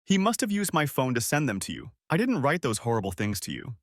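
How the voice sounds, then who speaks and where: A man's voice: medium pitch, very animated, fairly quick, dry recording, clean studio sound, natural voice. A man voicing an adult wife who stammers defensively and pleads through tears. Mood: tearful. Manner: stammering, defensive then sobbing.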